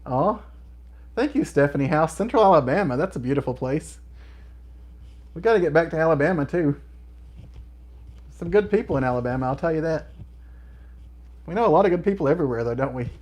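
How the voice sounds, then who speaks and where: A man's voice: on the high side, animated, moderate pace, long pauses, darkish tone. A middle-aged man hosting a livestream, chatting casually and laughing often as he reads viewer comments. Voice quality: laughs often between remarks. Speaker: livestream host.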